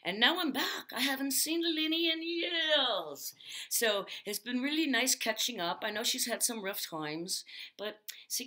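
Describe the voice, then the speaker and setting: A woman's voice: mid-range voice, pushed and bright. A woman voicing a hard-drinking, ageless party spirit in a uniform, with a put-on Irish accent and a rambling, chummy manner.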